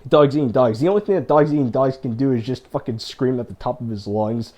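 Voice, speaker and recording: A man's voice: mid-range voice, fast talker, darkish tone. A man ranting in a video, exasperated and profane as he complains about other creators. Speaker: YouTuber. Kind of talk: rant video.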